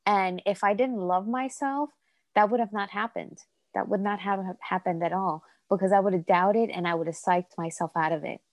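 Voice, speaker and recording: A woman's voice: medium pitch, moderate pace, dry recording. A woman from Colombia, a mother of four, speaking earnestly as a podcast guest and repeating phrases for emphasis. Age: adult mother of four. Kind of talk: heartfelt interview talk.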